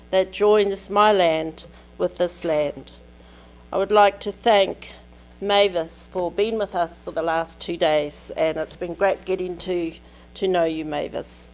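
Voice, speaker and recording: In a lecture hall, a New Zealand woman gives a conference keynote. Her middle-pitched voice moves slowly and deliberately through short, measured phrases.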